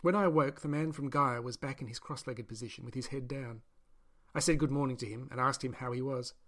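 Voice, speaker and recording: A man reading a first-person novel as an audiobook narrator, in a steady, measured way. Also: mid-range voice.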